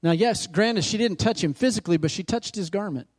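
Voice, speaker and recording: Here a man preaches with a high-pitched, slightly mellow voice, moving a little fast. He recounts scripture, his delivery climbing in emphasis while he calls out questions to the people listening.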